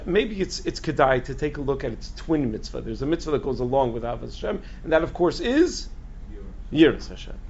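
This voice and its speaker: Rabbi lecturing a group: husky, gravelly, slightly high male voice that restarts often, dull lo-fi recording. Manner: asks the audience questions and answers them himself; restarts and repeats words often.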